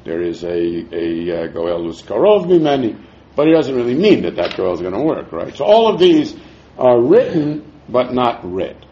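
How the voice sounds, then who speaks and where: A man teaching a Talmud class, explaining verses in a lively way with frequent chuckles, on a dull lo-fi recording. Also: medium pitch, normal speed, a little hiss or hum.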